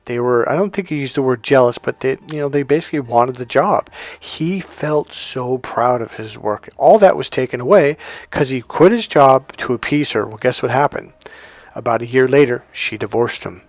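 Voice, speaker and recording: A blunt, crude-talking man coaching on dating in a casual, animated way. He jumps into higher voices to act out the people in his stories. His voice is mid-pitched and sounds dry and close. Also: normal speed, no room sound. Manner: animated, acts out both sides of dialogues in higher voices. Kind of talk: casual storytelling advice.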